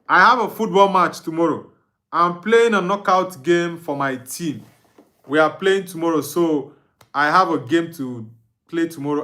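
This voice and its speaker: Bright-voiced Nigerian man streaming football. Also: fairly high pitch. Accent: Nigerian Igbo English. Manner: reads viewer comments aloud and answers them, laughs often. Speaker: football watch-along streamer. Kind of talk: live stream chat reading.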